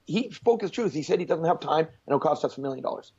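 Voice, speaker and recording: A man being interviewed as a success coach, telling stories in an animated, blunt way with mild swearing. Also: a little high, quick pace, husky, highs cut off. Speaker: guest speaker, success coach. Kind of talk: storytelling in a conversational interview.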